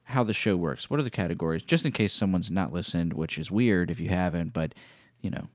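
A man's voice: deep voice, fairly quick, no room sound, clean studio sound. A man co-hosting a podcast, bantering casually and teasing his partner in a playful way. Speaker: podcast co-host. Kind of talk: casual chat.

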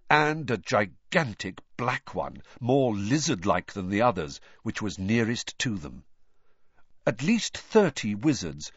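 A man narrates a storybook with a dramatic, expressive delivery and lively pitch. His voice is husky, heard close and dry on a dull recording. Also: no room sound. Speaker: audiobook narrator.

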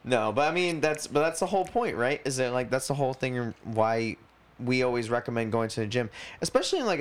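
A man's voice: mid-range voice, smooth. A young man co-hosting a podcast in casual chat, blunt and profane, rambling through his points. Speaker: podcast co-host.

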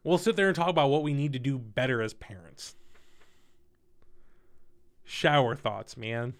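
A young man casually telling a personal story in a candid, profane, animated way. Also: medium pitch, measured pace.

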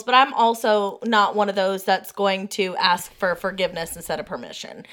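Relaxed woman chatting in loose asides. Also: mid-range voice, moderate pace. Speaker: podcast co-host. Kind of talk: casual chat.

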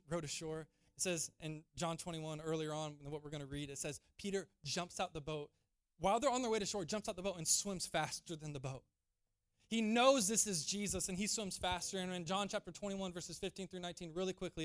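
A man's voice: on the high side, a bit bright, clean tone, no echo, studio quality. A man preaching a sermon, acting out quoted lines and building to emphatic peaks. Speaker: pastor.

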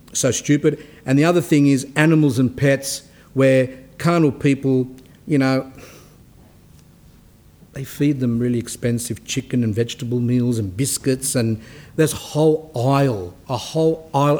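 A man's voice: medium pitch, a little mellow. A man, a priest giving a spoken sermon in a rambling, anecdotal way with frequent restarts.

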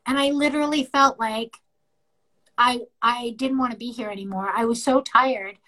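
A middle-aged woman shares a personal story on a podcast, acting out what others said. Her voice sits high and sounds bright and sharp, and she tells it with open, animated emotion. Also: normal speed, poor audio. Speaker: podcast co-host.

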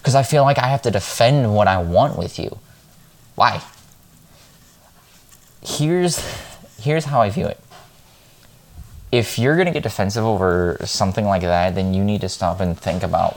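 Low-voiced man, blunt and rambling, venting straight to camera in a casual vlog. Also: moderate pace, pauses often. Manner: frank, rambling, heated. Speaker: vlogger. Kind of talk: casual monologue.

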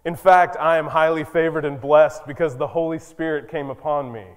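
A man's voice: a little high, steady tone, moderate pace, natural voice. A man voicing a humble young woman who firmly believes, in his own voice and with an earnest, emphatic delivery. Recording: long church reverb.

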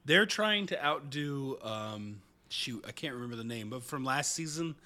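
Bright-voiced man quipping and laughing. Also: mid-range voice, animated. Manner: laughs often, chimes in with quick quips. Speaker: podcast co-host. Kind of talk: casual anime review chat.

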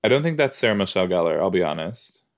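Lively low-voiced man rambling along. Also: fast talker. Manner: rambling, excitable, self-interrupting. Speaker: podcast host reacting to a TV episode. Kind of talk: casual reaction commentary.

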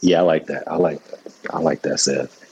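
A man's voice: rumbling low, fairly even intonation, moderate pace, a little mellow, dull audio, slight background noise. A man in casual chat, asking for a few seconds of a song to be played.

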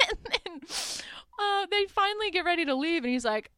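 A woman's voice: high-pitched, big pitch swings, fairly quick, bright, forceful tone, no room sound, clean studio sound. A young woman, chatting casually as a podcast host as she recaps a horror film, full of "like" and little laughs. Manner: chatty, lots of "like" and laughs, acts out quotes.

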